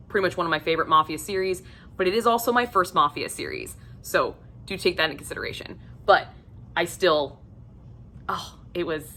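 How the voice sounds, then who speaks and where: A woman's voice: lowish voice, bright, forceful tone. A woman giving a casual video book review, gushing and effusive and swearing freely.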